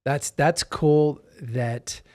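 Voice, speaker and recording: A man's voice: fairly high pitch, extremely slow, a little mellow. A man hosting a podcast, chatting casually and responding supportively to his guest. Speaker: podcast host. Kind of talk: casual interview chat.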